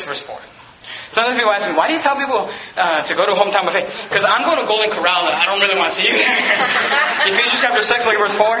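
Man preaching a fiery, high-pitched sermon. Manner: fiery preaching, shouting at peaks then dropping to asides. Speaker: pastor. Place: church sanctuary. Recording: echoey hall, noisy.

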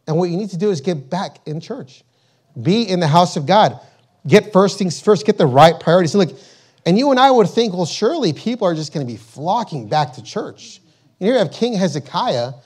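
High-voiced emphatic male preacher. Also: lively intonation, darkish tone, breathy edge. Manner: emphatic, repetitive preaching, reads scripture slowly. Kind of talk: sermon.

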